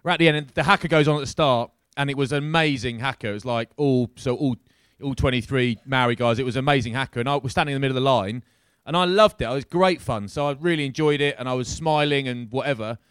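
A man telling a lively anecdote as a guest at a live show, swearing freely and acting out the people in his story. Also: mid-range voice, quick pace, smooth, dry recording. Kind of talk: animated storytelling. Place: crowded live-show venue.

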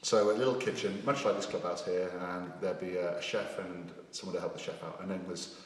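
A man hosting a casual rugby chat, telling stories in a relaxed, halting way. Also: low-pitched. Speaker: podcast host. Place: rugby clubhouse. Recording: roomy clubhouse echo, off-mic, faint noise.

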